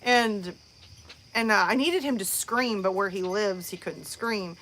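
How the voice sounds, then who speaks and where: A woman's voice: medium pitch, normal speed, a bit bright, slight background noise. A woman host chatting casually on a live stream, rambling with many fillers and restarts.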